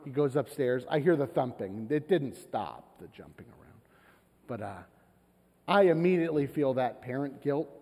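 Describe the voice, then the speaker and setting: A man preaching a sermon as pastor, telling a family story in a conversational, animated way. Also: mid-range voice. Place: church sanctuary. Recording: long church hall reverb.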